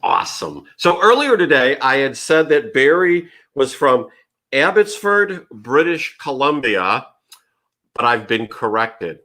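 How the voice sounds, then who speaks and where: A man's voice: medium pitch, big pitch swings, a little slow, sharp tone. A man hosting a live online leadership show, chatting casually with his guest and greeting viewers as they join. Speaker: livestream show host.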